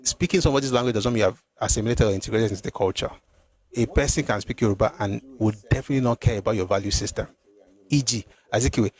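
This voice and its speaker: A man hosting a live stream, answering viewer comments in an animated, exclamatory way, often repeating himself. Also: lowish voice, fast talker, slightly rough. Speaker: host.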